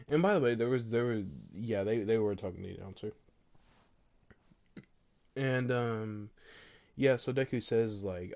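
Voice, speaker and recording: Man retelling a fan story from his bedroom, rambling and full of fillers, with a mellow voice. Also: medium pitch, slow, long pauses. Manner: rambling, filler-heavy, laughs often.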